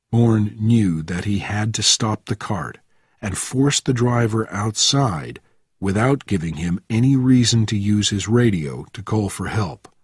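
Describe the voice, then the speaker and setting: A man narrates a thriller story slowly, with a husky, low voice that rises and falls a lot. He reads with clear expression, close and dry. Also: no room sound. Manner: slow, expressive reading. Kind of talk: scripted narration for English learners.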